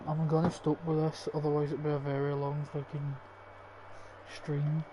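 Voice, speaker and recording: A man's voice: fairly high pitch, completely flat delivery, normal speed. A young Scottish man giving casual, rambling, foul-mouthed commentary over a football game stream. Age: young adult. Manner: swears often, rambling and opinionated. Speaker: gaming streamer. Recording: dull lo-fi stream mic with faint hiss.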